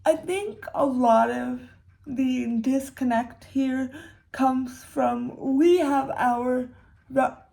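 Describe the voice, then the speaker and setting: A young woman giving a casual commentary monologue, unhurried and hesitant, with sarcastic asides and frequent restarts. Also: sits high, creaky, warm tone. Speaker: commentary creator.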